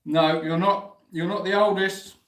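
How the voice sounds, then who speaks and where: A man's voice: sits high, fairly even intonation, measured pace, fairly bright tone. A man hosting a casual live Q&A stream, chatting, teasing and reading out viewer messages. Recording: roomy echo.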